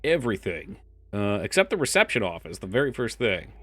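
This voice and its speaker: A man's voice: fairly low pitch, brisk, slight background noise. A man streaming a game live, chatting casually with his chat, swearing freely and now and then reading game text aloud. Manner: reads game files aloud in a flat voice.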